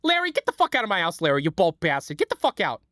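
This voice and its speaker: A man's voice: sits high, wildly swooping pitch, quick pace, sharp tone, dry recording, clean studio sound, voice pushed down, full character voice. A man doing a screaming foulmouthed furious woman. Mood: enraged. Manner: screaming, profane, insulting. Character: furious loudmouthed middle-aged woman yelling insults. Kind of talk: comic impression on a livestream.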